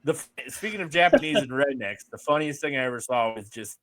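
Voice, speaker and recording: A man's voice: medium pitch, animated, brisk, fairly bright tone, dry recording. A man from the United States, co-hosting a podcast, telling crude stories in casual chat and laughing often. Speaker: podcast co-host.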